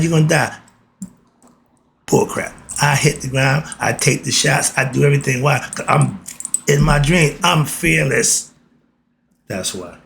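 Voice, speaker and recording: A man's voice: on the high side, creaky, slight background noise. A man giving a casual spiritual talk, asking himself rhetorical questions and answering them. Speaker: spiritual teacher.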